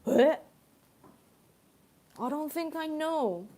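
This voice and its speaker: Slow-talking, giggly woman live streamer. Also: fairly high pitch, animated, a little mellow. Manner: playful and giggly, quick to laugh. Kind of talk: casual live-stream chat reading viewer comments. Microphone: tablet.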